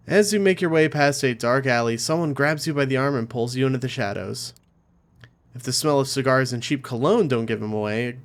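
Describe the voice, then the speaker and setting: A man playing a story game, reading the narration aloud and adding casual asides of his own. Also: medium pitch. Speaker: let's play host. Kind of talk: reading a visual novel aloud with commentary.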